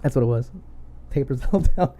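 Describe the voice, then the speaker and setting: A man's voice: medium pitch, brisk, warm tone. A young man co-hosting a podcast, telling rambling stories with frequent laughs. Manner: laughs often, rambling storyteller. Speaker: podcast co-host. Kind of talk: casual chat.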